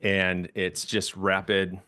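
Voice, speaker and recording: Male co-host, deeper voice, casual chat, acts out the people in his stories; dry close mic. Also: slow, no room sound. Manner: animated storyteller, acts out quoted voices. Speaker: ministry leader and podcast co-host. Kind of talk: casual conversation.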